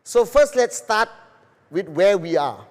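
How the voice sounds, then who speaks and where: Slow, deliberate Malaysian-born man presenting. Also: sits high, expressive, in a large hall. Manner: slow, deliberate, addressing a global audience. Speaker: business presenter. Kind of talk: live broadcast sales presentation.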